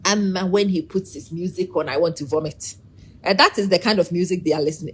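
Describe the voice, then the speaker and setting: A middle-aged woman giving a casual, animated opinion monologue, preachy and teasing, calling out to viewers by name. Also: fairly low pitch, fairly quick, slight background noise. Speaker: vlogger.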